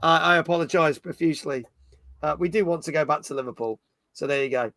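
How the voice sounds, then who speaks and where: A man's voice: a little high, fast, creaky, fairly bright tone, no echo. A man hosting a casual gaming livestream, chatting upbeat and reading out viewers' comments. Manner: chatty, upbeat, reads viewer chat aloud. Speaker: stream host.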